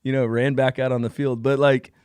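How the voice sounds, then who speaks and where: A man's voice: mid-range voice, a little fast, smooth, no echo. A man co-hosting a casual live-stream chat, telling stories with lots of laughter and acted-out voices. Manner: animated storyteller, laughs often, acts out voices. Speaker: co-host.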